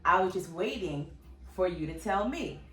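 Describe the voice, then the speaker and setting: Middle-aged woman co-host, low voice, storyteller who quotes people, roomy far-off mic. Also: moderate pace. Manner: storytelling, animated quoting of others. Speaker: podcast co-host, mother telling her pregnancy story. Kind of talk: casual chat.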